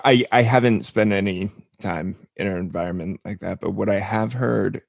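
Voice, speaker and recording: A man hosting a podcast interview, asking curious, gently probing questions. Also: deep voice, gravelly, dry recording, clean studio sound. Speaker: podcast host. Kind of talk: conversational interview.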